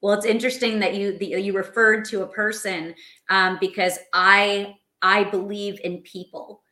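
A woman co-hosting a live show, giving an animated motivational talk and calling her listeners friends. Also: mid-range voice, normal speed, echoey room. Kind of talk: motivational live-stream chat.

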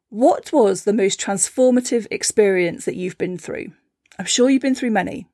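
A woman hosting a reflective teaching talk, gentle and encouraging, with a playful storytelling manner. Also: mid-range voice, no room sound, clean studio sound. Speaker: podcast host and spiritual teacher.

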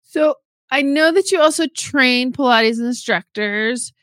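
A woman's voice: high voice, a little slow, a bit bright, no room sound, clean studio sound. A woman interviewer asking reflective, affirming questions. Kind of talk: conversational interview.

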